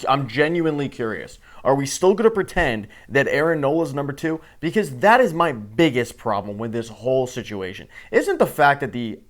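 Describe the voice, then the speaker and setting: A man hosting a sports show, ranting with heated, sarcastic and profane commentary. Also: mid-range voice.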